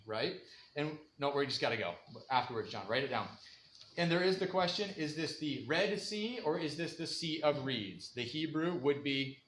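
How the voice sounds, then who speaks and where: This Bible teacher's voice is on the high side and a bit bright, with lively intonation at a moderate pace. He talks conversationally in a church room, laughing often and acting out quoted voices, with slight background noise, echo and faint ambience.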